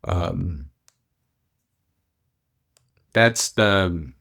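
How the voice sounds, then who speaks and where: A male author from Arkansas, chatting in a relaxed, halting way and then reading his own essay aloud. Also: low voice, creaky. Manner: relaxed, halting, with many ums and uhs. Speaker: author, guest.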